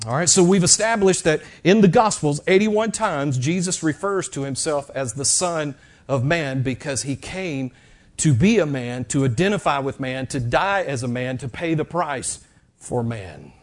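A man preaching a sermon in a church, telling the story in an animated, dramatic way with sudden drops and rises in loudness. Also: fairly high pitch, moderate pace. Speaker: pastor.

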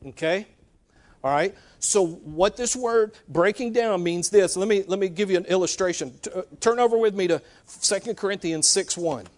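Male preacher, high voice, animated teaching sermon with frequent "okay?" check-ins. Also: normal speed.

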